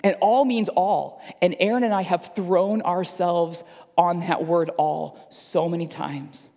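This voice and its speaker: Pastor, male, higher-pitched with a gravelly edge, earnest sermon delivery, long reverb from a big hall. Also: steady tone, measured pace, warm tone. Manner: earnest, repeats phrases for emphasis. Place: church service.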